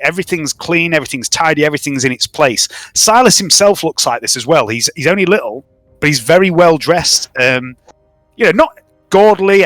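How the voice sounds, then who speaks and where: A man's voice: on the high side, fairly bright tone, no echo. A man running a tabletop game, narrating casually with lots of ums and swearing. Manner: rambling, profane, many ums. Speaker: game master.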